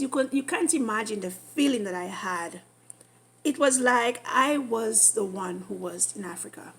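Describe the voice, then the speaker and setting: A woman in her thirties vlogging, telling an excited story with gushing, animated exclamations. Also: a little high, breathy edge. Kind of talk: excited casual vlog.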